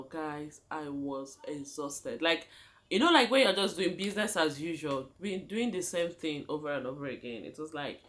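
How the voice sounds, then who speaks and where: Animated Nigerian woman vlogger, lowish voice. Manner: animated, dramatic, addresses viewers as guys. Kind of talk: storytelling vlog.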